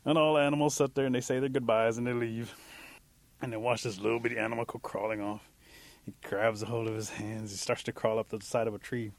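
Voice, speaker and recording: A male storyteller tells an animal folk tale in a relaxed, chatty manner, his voice sitting at an ordinary middle pitch. He keeps it lively and easy, like talking to a friend. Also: fast, vocal fry.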